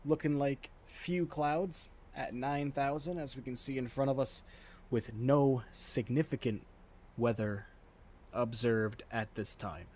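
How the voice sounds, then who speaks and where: A man's voice: mid-range voice, slow pace. A man streaming a flight simulator, chatting casually and joking as he commentates live on the game. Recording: steady background noise.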